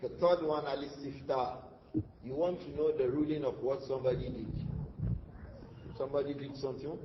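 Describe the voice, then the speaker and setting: A man with a somewhat high voice gives a religious lesson. He poses rhetorical questions to his listeners, answers them himself, and explains the Arabic terms he uses. The sound is muffled, with a long hall echo. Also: normal speed. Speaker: Islamic teacher. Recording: dull, echoey hall with faint noise.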